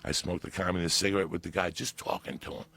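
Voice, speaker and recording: A man telling a story in casual chat, animated and profane, with loud bursts of emphasis. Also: sits low, quick pace. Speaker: podcast guest.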